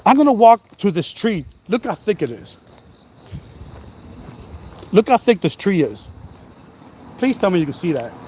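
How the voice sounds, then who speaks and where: A man vlogging outdoors at night, telling a story in an animated, repetitive, exclaiming way, now and then coughing. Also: sits high, unhurried, pauses often, a little hiss or hum. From New Jersey. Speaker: channel host. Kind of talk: casual storytelling vlog.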